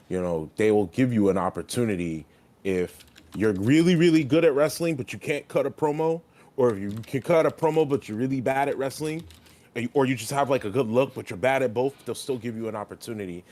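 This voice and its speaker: A man's voice: lowish voice, darkish tone. A young man co-hosting a podcast in casual, profane chat, rambling and getting heated when riled up. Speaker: podcast co-host and streamer.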